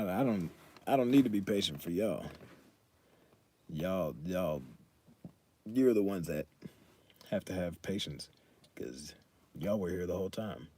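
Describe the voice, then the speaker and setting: Husky, mellow-voiced young man streaming. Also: fairly low pitch. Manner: loose and joking, reads chat aloud, swears casually. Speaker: fitness streamer. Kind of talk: casual live-stream chat.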